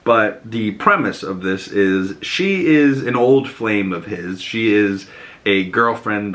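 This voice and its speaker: Lower-voiced young guy, chatty. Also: fairly bright tone. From Boston. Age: 20s. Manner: chatty and enthusiastic, heavy on "you know" and casual swearing. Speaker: movie reviewer. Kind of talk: casual vlog movie review.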